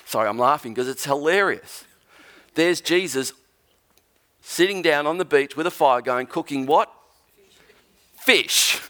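A man preaching a sermon as a pastor, telling a Bible story with humour and acting out the lines of its characters. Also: mid-range voice. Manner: animated storyteller, acts out quotes.

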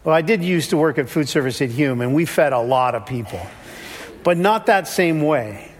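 A male pastor with a fairly high voice delivers a sermon in an easy, conversational manner. He drops into other voices when he quotes people. His words ring out with the long reverb of a church hall. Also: expressive, moderate pace. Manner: conversational, shifts pitch when quoting.

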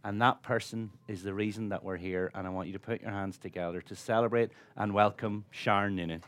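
A man's voice: fairly low pitch, fairly even intonation, brisk, a bit bright. A man interviewing a guest on stage, upbeat and teasing. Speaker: chef and broadcaster interviewing on stage. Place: stage at an awards event.

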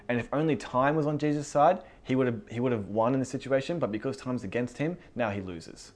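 A man leading a casual Bible study, reading verses aloud and commenting with animated enthusiasm and frequent laughter. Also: medium pitch. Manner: animated, laughs often, reads scripture then comments.

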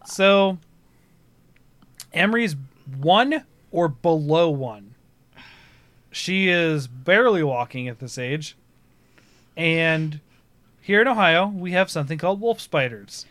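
Lively, bright-voiced storytelling man. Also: a little high, slow, pauses often, dry recording. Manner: animated, laughs while telling stories. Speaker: podcast co-host, parent. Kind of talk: casual chat, storytelling.

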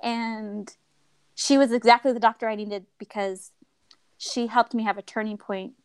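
A woman's voice: medium pitch, a little slow, clear, resonant tone, no room sound. A young adult woman sharing a personal story as a podcast guest, acting out quoted dialogue and laughing often. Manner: expressive, acts out quoted dialogue.

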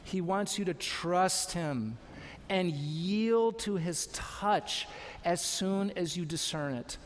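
A man's voice: sits high, lively intonation, takes it slowly, long reverb tail, a little hiss or hum. A man preaching a sermon as pastor, exhorting his congregation with repeated calls to trust and obey. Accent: American. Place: church sanctuary.

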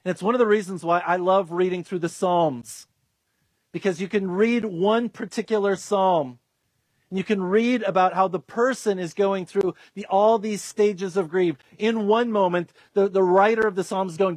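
Pastor, man, high pitch, earnest sermon delivery, dry close recording. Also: fairly even intonation, normal speed, darkish tone, no room sound. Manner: earnest, acts out quoted voices, restarts with fillers.

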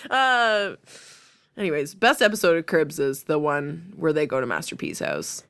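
A woman hosts a loose, casual podcast conversation, her pitch swinging widely as she tells stories. She laughs often and slips into quick acted-out quotes. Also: gravelly. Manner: animated, laughing storyteller who acts out quotes. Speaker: podcast host. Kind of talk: casual chat.

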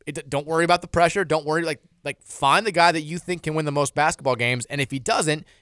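A man with a slightly high voice talks fast while hosting a sports radio show, recorded in studio quality on a studio microphone with no room sound. He's animated and rambling, with frequent restarts and repeated words.

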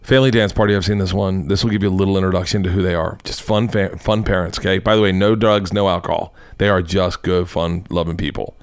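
A man hosts a comedy podcast, rambling, swearing and laughing as he riffs on videos he watches. His voice is low and fairly even, quick with few pauses, clean and free of room sound.

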